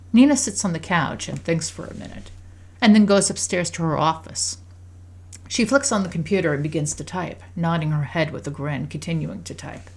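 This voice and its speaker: A woman with a fairly low voice reads a story aloud in a calm, even way. Her narration is scripted and unhurried, steady from line to line. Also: gravelly. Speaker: storyteller narrating a life-sim game story.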